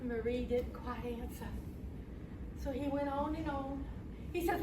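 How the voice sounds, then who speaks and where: A woman's voice: high-pitched, a little slow, pauses often. A woman storyteller telling a folk tale live to an audience in a folksy drawl, laughing along as she goes. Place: community center hall. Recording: echoey hall, far mic, noisy.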